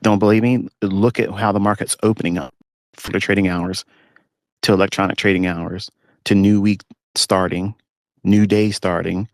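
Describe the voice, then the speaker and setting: A man's voice: sits low, fairly even intonation, normal speed, no room sound, clean studio sound. A man talking as a trading mentor, blunt and ranting, mocking others in a live audio talk from inside a parked pickup truck. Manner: blunt, ranting, mocking rivals in put-on whiny voices.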